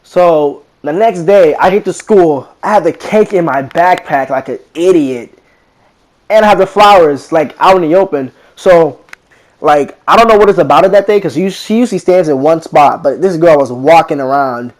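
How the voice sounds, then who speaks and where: A teenage boy vlogger with a slightly high voice tells a rambling story at a moderate pace in slangy talk. He animatedly acts out what people said.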